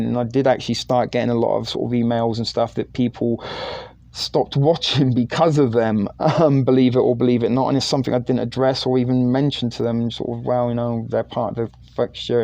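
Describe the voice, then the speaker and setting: A man with a mellow, soft-edged voice at a middling pitch rambles through an anecdote on his live stream. He is self-deprecating and scattered with "um" and "sort of", and the recording is close and dry. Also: no echo, muffled recording. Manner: rambling, self-deprecating, many fillers and hedges. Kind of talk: casual anecdotal chat.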